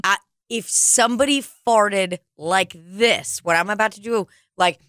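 A woman's voice: medium pitch, a little slow, fairly bright tone, dry recording. A woman co-hosting a casual chat, crude and laughing often, acting out silly voices mid-story.

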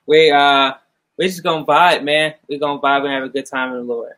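A man's voice: on the high side, steady tone, brisk, a bit bright. A man guest chatting casually with an upbeat, laughing manner. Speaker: guest musician. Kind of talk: casual chat.

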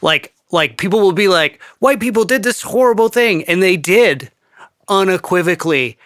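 High, bright-voiced male podcast co-host. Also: animated, normal speed, no room sound. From Adirondacks, New York. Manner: dry, wry asides. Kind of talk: casual podcast conversation. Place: studio.

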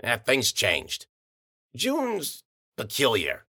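A man's voice: medium pitch, wildly swooping pitch, extremely slow, pushed and bright, no room sound, clean studio sound, full character voice. A man voicing a blunt, dismissive male fixer who brushes off complaints. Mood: gruff.

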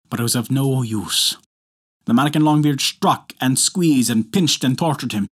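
A male storyteller narrates an old folktale with dramatic expression. His voice sits a touch high and swings widely in pitch, pulling the listener along.

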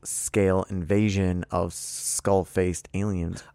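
A man co-hosting a podcast, running a movie quiz and teasing his friend with profane banter, reading clues out slowly. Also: deep voice, little pitch movement, vocal fry, mellow, clear, resonant tone, no room sound, clean studio sound. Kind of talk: casual banter.

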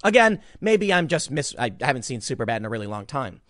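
A man's voice: medium pitch, fast talker, no echo, studio quality. A man giving casual online commentary, talking emphatically with frequent restarts. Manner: animated, emphatic, ranting with repeated restarts.

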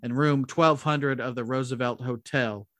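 Relaxed man hosting a casual chat, dry sound. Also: mid-range voice, normal speed, dry recording. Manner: relaxed, hesitant with fillers. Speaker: podcast host.

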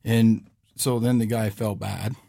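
A low-voiced man telling a long story on a podcast in a relaxed, rambling way. He keeps stopping to check in with "right?" as he goes. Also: measured pace, vocal fry. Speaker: podcast host. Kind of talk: casual storytelling.

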